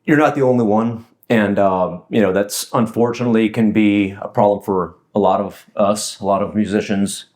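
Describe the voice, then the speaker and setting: A man's voice: fairly low pitch, steady tone, moderate pace, hardly any pauses, darkish tone. A man hosting an interview, chatting casually with short reactions and frequent laughs. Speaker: host interviewer.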